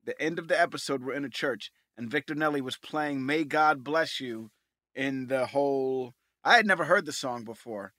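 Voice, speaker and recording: Slangy man with a bright, dry voice. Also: medium pitch, normal speed, no room sound. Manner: relaxed, slangy, emphatic. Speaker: podcast co-host. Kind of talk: casual chat.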